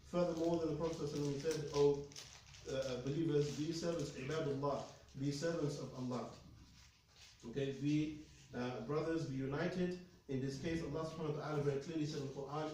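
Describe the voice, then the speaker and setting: A man's voice: on the high side, dark tone, slight background noise. A man teaching a religious lesson to students, emphatic and often checking in with "okay?". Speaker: Islamic studies teacher. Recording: echoey room, mic at a distance.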